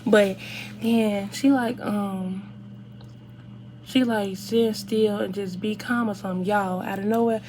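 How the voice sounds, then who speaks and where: An eighteen-year-old woman, telling a casual storytime to viewers in an animated, chatty way. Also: medium pitch, takes it slowly, noisy background. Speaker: vlogger.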